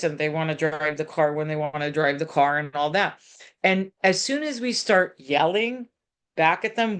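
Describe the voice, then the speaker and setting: A middle-aged woman counseling parents in an animated talk, often slipping into quoted voices and filler words. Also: fairly low pitch.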